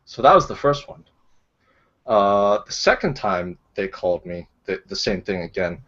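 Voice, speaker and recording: Low-voiced male streamer, deadpan and rambling, lo-fi dull audio. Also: normal speed. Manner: rambling, deadpan storytelling with many fillers. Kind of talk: casual live-stream chat.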